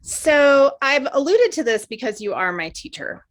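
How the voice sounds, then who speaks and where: A woman hosting a podcast, asking her guest questions in a warm, gently inquisitive way. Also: sits high, sing-song, moderate pace. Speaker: podcast host. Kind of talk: casual interview chat.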